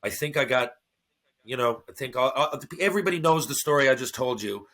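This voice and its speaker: A man's voice: medium pitch, fairly quick. A middle-aged man, a podcast guest, telling a story in casual, profane talk and acting out the voices of the people in it. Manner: profane, animated, acts out quoted voices.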